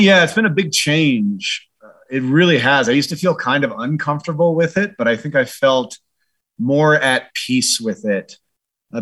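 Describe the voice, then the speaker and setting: In an interview, a former military advisor recounts his experiences earnestly and thoughtfully, leaning often on "you know" and "like." His voice sits in the mid-range, somewhat bright and breathy.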